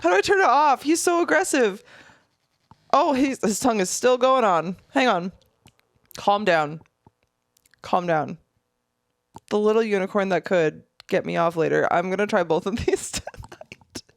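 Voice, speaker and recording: Unboxing products in a small room, this thirty-something podcast host chats away on her own, laughing and animated. There's vocal fry in her mid-range voice, her pace is moderate, and the studio-quality audio carries no echo.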